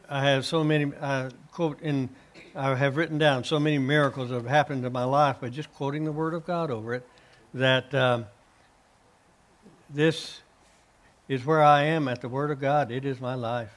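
A man with a middle-pitched voice tells his faith testimony in earnest. His speech is halting, full of uh fillers and restarts, as he answers the host's questions. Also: steady tone. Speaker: guest, author and minister.

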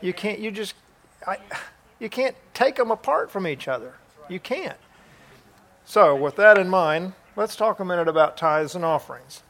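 A man's voice: sits high, animated, normal speed, a bit bright. A man hosting a Christian talk show, enthusiastically interviewing a guest and answering him with amens and laughter. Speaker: host.

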